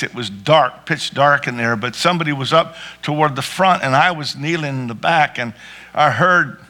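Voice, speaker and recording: A man's voice: fairly high pitch, pushed and bright. A man preaching a sermon with rising fervor, calling out to his congregation and breaking into prayer. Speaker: pastor.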